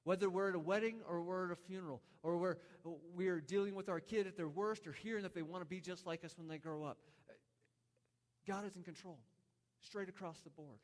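A man's voice: sits high, fairly even intonation, brisk. A man in his thirties preaching a sermon, telling a story earnestly, with many restarts. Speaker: pastor. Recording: long hall reverb.

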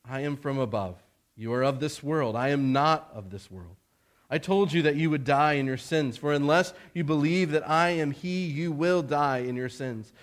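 A man reading aloud the words of a calm, authoritative male teacher in a measured, plain way. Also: fairly high pitch, lightly acted. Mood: solemn.

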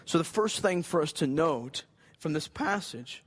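A man's voice: fairly high pitch, lively intonation, measured pace, husky. A man preaching a sermon in an earnest, conversational way, rising for emphasis. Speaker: pastor.

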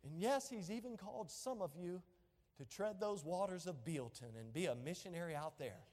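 A man with a very high voice preaches a fervent sermon in a drawl. He presses hard on key lines, then drops to quiet asides. His voice rings out with a long reverb, as in a church hall. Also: lively intonation, moderate pace. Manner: impassioned preaching, swings between loud emphasis and hushed asides. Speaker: pastor.

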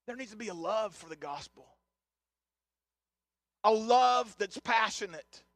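A middle-aged man preaches with rising passion, his voice very high and bright. He drives his points home with repeated, shouted phrases, and the sound is dry and close. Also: animated, a little slow, no echo. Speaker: pastor. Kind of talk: sermon. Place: church sanctuary.

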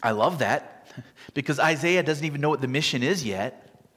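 A man preaching a sermon, dramatic and vivid, acting out the scripture quotes with big shifts between loud and quiet. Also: fairly high pitch, lively intonation, normal speed, breathy edge. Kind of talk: expository sermon. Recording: long reverb from a large hall.

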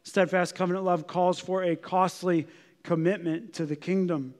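A man's voice: high-pitched, steady tone, normal speed, darkish tone. A male pastor preaching an expository sermon in an earnest, emphatic manner, often asking his listeners rhetorical questions. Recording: long reverb of a large hall.

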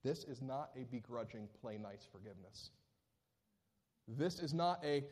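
A male pastor preaching a sermon, moving between animated high-pitched questions and slow, deliberate scripture reading. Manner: reads scripture aloud slowly and deliberately.

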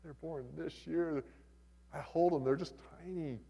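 A man's voice: on the high side, fairly even intonation, a little slow, creaky, warm tone, slightly rough, in a large hall, muffled recording. An older man preaching a sermon as a pastor, in a conversational, folksy way with humorous asides.

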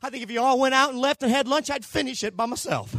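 A man preaching a sermon in a church, swinging between loud shouting and quieter low passages. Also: fast, no echo. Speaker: pastor.

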